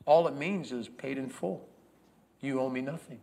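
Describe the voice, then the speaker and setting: An actor playing an earnest, grieving first-century lamb merchant in a dramatic first-person monologue, swinging from loud proclamation to hushed whispers. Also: male voice, medium pitch, normal speed, vocal fry, natural voice. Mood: animated. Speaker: actor in a Bible character monologue.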